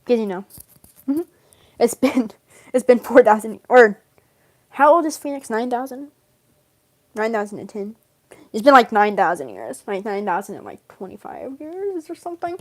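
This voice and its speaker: Giggly high-voiced young woman rambling. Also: sing-song, normal speed, pauses often. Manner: giggly, rambling, lots of fillers and laughs. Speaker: vlogger role-playing a game character. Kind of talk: casual in-character rambling.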